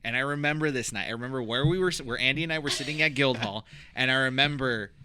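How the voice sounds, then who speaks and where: A man's voice: mid-range voice, fast talker, pushed and bright, clean tone, dry recording. A man co-hosting a podcast, telling a story with laughter in casual chat. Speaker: podcast co-host.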